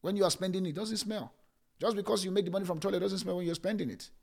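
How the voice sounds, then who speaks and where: A middle-aged man preaching a sermon, repeating phrases and switching between loud bursts and hushed lines. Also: sits high, fairly even intonation, quick pace, creaky. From Nigeria. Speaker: pastor.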